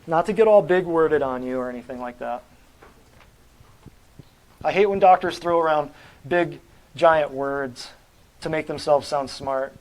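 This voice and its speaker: A man with a slightly higher voice lectures a live audience on natural health. He is emphatic and blunt, often firing questions at the room to drive each point home. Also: unhurried, pauses often, darkish tone, poor audio. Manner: blunt and combative. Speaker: natural health practitioner giving a talk.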